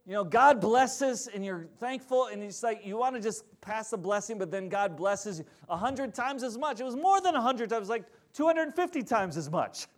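A man's voice: sits high, lively intonation, normal speed, few pauses. A male pastor preaching a sermon in a conversational storytelling manner, asking the congregation questions along the way.

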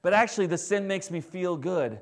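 A man preaching a sermon in a conversational, animated way. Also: sits high, brisk. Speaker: pastor.

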